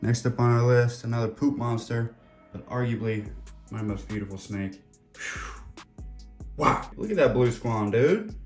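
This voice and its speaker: A man's voice: medium pitch, a little slow, darkish tone, soft background music. A man, chatting casually and jokingly as he tends his snakes. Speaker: reptile keeper and vlogger. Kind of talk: casual vlog.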